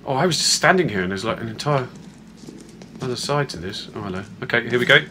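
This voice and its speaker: A man's voice: mid-range voice, expressive, fast, noisy background. A man giving casual, playful let's-play commentary on a horror game, chatting to viewers as he plays. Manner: playful, chatty, talks to viewers while playing. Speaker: gamer playing through a horror game.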